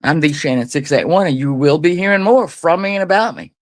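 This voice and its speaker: A woman's voice: deep voice, brisk. A woman ranting angrily on a livestream as a guest, profane, confrontational and taunting. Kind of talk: angry livestream rant.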